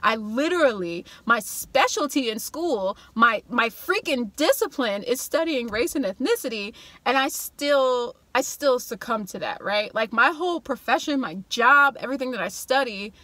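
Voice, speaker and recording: Young adult woman, vlogger: casual storytime delivery, lively, acts out quotes, laughs a lot, bright voice pitched a little high. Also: moderate pace, few pauses, no room sound.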